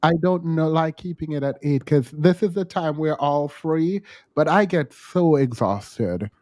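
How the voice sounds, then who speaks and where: A man hosting a laid-back podcast talks in a slightly high voice, stopping and restarting often. He fills the gaps with ums and likes, searching for his words as he goes. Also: a little slow, darkish tone. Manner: hesitant, many ums and restarts. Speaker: host. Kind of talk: casual podcast chat.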